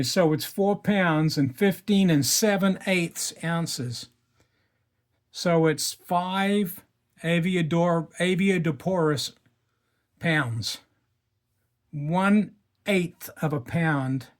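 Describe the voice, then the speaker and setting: Chatty, amazed man unboxing. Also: fairly high pitch. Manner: chatty, amazed, muttering asides while working. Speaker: coin collector vlogger. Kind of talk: casual unboxing commentary.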